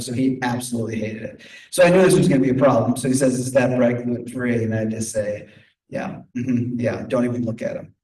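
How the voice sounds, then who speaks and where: A man's voice: mid-range voice, dark tone. A middle-aged man giving a lecture in a conversational, humorous storytelling manner. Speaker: guest lecturer. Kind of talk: lecture with personal stories. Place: lecture room, streamed on video call. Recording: echoey room from a distance.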